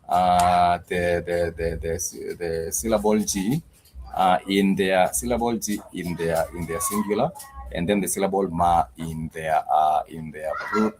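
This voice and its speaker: A man's voice: low-pitched, a little slow, a little mellow, slight background noise, rough recording. A man teaching a language lesson on a live stream, patiently repeating each word several times.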